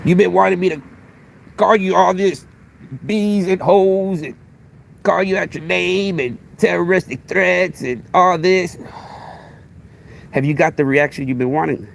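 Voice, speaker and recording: A male podcast host with a Texan accent confronts a commenter on a live stream, firing off rhetorical question after rhetorical question. His voice sits high and gravelly, unhurried, with frequent pauses.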